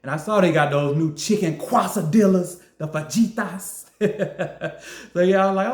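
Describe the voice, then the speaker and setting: A man reviewing fast food in a casual vlog, joking, laughing often and acting out his own lines. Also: high-pitched. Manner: animated, joking, quick to laugh. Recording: roomy echo.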